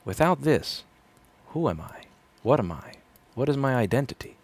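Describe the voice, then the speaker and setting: A repair technician in his thirties chats casually on a livestream while working in his repair shop, rambling, sardonic, and swearing freely. His mid-range voice is darkish and sing-song at a normal speed, with slight background noise.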